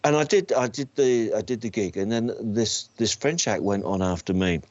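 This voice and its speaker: A man with a very deep voice, telling his stories in an interview with a wry, self-deprecating manner and plenty of restarts. The sound is dry and a little dull. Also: moderate pace, a little mellow, no echo. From England. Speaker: comedian guest. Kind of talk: anecdotal interview storytelling.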